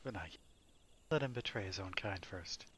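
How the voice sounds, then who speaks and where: A man's voice: low-pitched, animated, moderate pace, fairly bright tone, a little hiss or hum. Man voicing a merciless cat mercenary woman. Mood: scheming. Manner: threatening, menacing. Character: ruthless battle-hardened female cat mercenary.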